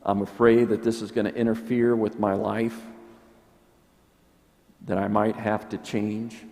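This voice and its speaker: A priest giving an earnest, reflective sermon, often dropping to soft, quiet tones. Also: male voice, fairly low pitch, little pitch movement, measured pace, gravelly. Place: church. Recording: long church reverb.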